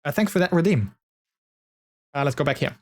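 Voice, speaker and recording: A man, chatting casually to his live-stream viewers, laughing often and filling pauses with ums. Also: on the high side, lively intonation.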